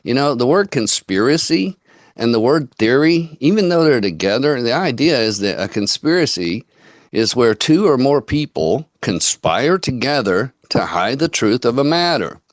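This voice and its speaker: A man's voice: medium pitch, big pitch swings, moderate pace, no room sound. Folksy man telling stories, dry sound. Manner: folksy storyteller, quotes people in dialogue. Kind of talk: casual online chat.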